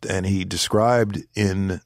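Deep-voiced man, measured and deliberate. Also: steady tone, darkish tone, dry recording, clean studio sound. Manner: deliberate, weighs words, pauses to choose phrasing. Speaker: former government official, interview guest. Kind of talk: measured interview answers.

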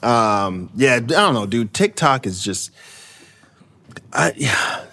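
A male podcast host talks in a loose, joking way, full of fillers and quick laughs. His pitch swings widely as he riffs. It sounds like relaxed conversational banter. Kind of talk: casual chat.

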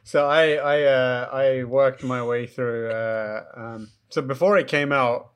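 A man's voice: mid-range voice, steady tone, slow pace, clear, resonant tone. A young man co-hosting a gaming podcast, talking in a laid-back, wry, rambling way. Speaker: podcast co-host. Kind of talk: casual gaming chat.

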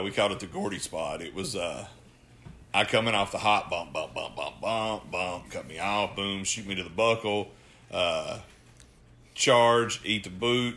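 A man's voice: on the low side, bright, forceful tone. A man who wrestles, chatting casually on a podcast, rowdy and profane, laughing often. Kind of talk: casual chat.

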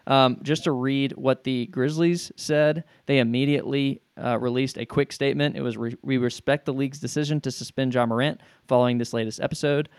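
A man co-hosting a podcast in casual sports chat, speaking in a measured way and reading statements aloud. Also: medium pitch, steady tone, clear, resonant tone, no echo, studio quality. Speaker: podcast co-host.

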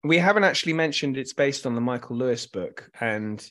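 A man's voice: mid-range voice, expressive, brisk, fairly bright tone. Rambling man chatting about films. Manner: rambling with many restarts. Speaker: film club co-host. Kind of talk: casual film discussion.

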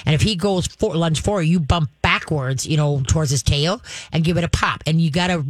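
A dog trainer giving chatty, coaching advice to a caller on a call-in show, with a quick laugh now and then. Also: mid-range voice, no echo.

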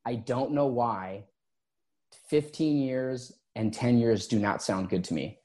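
A man's voice: mid-range voice, takes it slowly. A man who is an interview guest and former gym owner, telling his story casually and acting out past conversations. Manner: relaxed, recounts conversations in quotes.

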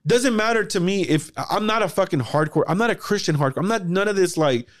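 A man hosting a casual podcast chat, talking in an animated way, swearing freely and acting out his own past thoughts. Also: sits high, fast, no room sound, studio quality. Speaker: podcast host.

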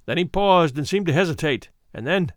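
A man narrating a classic horror tale with an expressive, varied delivery. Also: a little high, moderate pace, no room sound, clean studio sound. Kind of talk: dramatic audiobook narration.

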